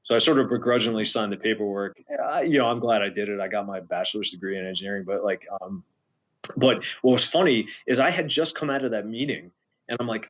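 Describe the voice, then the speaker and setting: A man's voice: on the low side, a little fast, fairly bright tone, muffled recording. A man in his forties from New Jersey, rambling through a casual story in an interview and acting out what others said. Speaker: podcast guest, former drummer.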